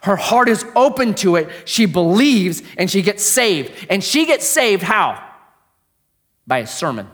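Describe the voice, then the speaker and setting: A man with a fairly high voice preaching to his congregation. He tells stories casually, jumping between lively, quick bursts and quiet, dropped-down asides. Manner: conversational storytelling, swings from animated to hushed. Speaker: pastor. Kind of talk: sermon.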